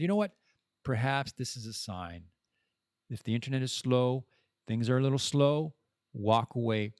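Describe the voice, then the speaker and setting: A man's voice: mid-range voice, dry recording, studio quality. A man hosting his own podcast, talking casually in a rambling, self-interrupting way with playful asides. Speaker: podcast host. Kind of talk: casual solo podcast monologue.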